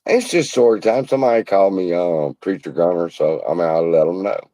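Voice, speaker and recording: A man's voice: sits low, expressive, brisk, dark tone, no echo, poor audio. A man hosting a casual livestream, telling a folksy parable in a profane, preacherly way from a room at home. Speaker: investing channel host. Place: hot room at home beside air conditioner.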